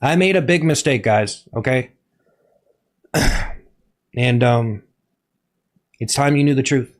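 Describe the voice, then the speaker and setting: A young man streaming to his chat, talking in a halting, over-earnest, mock-serious confession. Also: mid-range voice, lively intonation.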